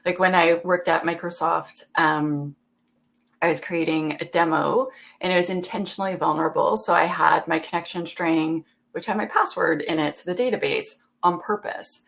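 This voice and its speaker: A woman on a panel, chatting casually and telling animated stories in which she acts out the dialogue. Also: fairly low pitch, moderate pace, gravelly.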